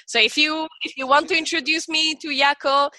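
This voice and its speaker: A woman's voice: high voice, fairly even intonation, moderate pace, sharp tone, slight background noise. A woman guest on a podcast, talking casually and at length, full of "you know" and "like" as she explains her ideas. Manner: talkative, peppered with "you know" and "like". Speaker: podcast guest, business school founder. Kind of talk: casual interview chat.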